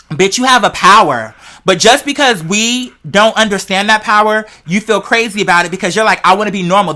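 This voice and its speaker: A vlogger rambling on camera to viewers, high on cannabis, playful and heavily profane. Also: bright, forceful tone. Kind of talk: casual rambling vlog monologue.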